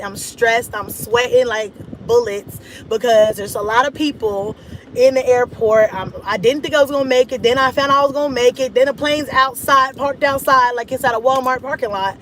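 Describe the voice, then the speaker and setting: High-voiced woman telling a dramatic story. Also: normal speed, a little hiss or hum, rough recording. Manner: animated, dramatic retelling with laughs and voiced-out inner thoughts. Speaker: mom vlogger. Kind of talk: casual storytime chat.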